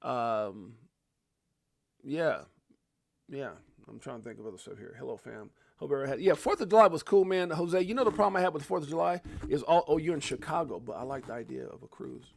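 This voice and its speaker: A man's voice: a little high, brisk, creaky, dry recording. Easygoing male livestream host, forties, conversational, dry mic. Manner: laid-back, chatty, calls viewers bro and fam. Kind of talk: casual live chat reading viewer comments.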